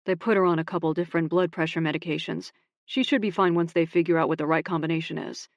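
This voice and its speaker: A woman narrator voicing a blunt, possessive young man with loud, clipped delivery. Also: fairly low pitch, steady tone, fast talker, dry recording, lightly acted. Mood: heated.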